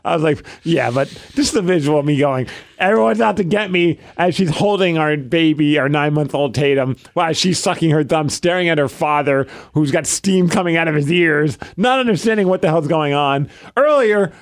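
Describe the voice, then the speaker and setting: A man co-hosting a podcast, telling a casual story in an animated way, acting out the quoted lines and poking fun at himself. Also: fairly high pitch, moderate pace, hardly any pauses, no room sound, clean studio sound. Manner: animated, acts out quoted lines, self-mocking. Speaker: podcast co-host.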